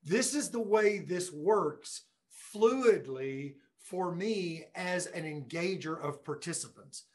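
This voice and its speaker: A man's voice: high-pitched, animated, takes it slowly, few pauses, a little mellow. A man presenting a live webinar from his classroom, joking and talking straight to viewers as he demonstrates the equipment. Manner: enthusiastic, joking, talks to viewers directly. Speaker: education technology presenter. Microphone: room conference microphones at a distance. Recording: echoey classroom audio.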